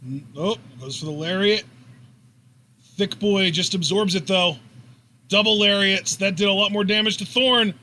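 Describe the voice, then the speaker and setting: A man co-hosting a live wrestling reaction stream, animated and jokey, calling the moves as they happen. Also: moderate pace, a little hiss or hum. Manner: animated, jokey, jumps up in pitch at big moves. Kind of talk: excited live commentary and banter.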